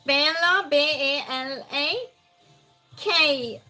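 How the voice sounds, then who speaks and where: Woman running a trivia stream, high voice, takes her time, chatting with viewers as she goes. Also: slow pace, bright, forceful tone, soft background music. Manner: reads questions aloud and chats with viewers. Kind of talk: live-stream trivia chat.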